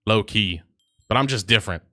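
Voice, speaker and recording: A man's voice: lowish voice, brisk, sharp tone, no echo, studio quality. A man streaming a video game, chatting casually in a profane, teasing way that often breaks into laughter. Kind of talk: casual gaming chat.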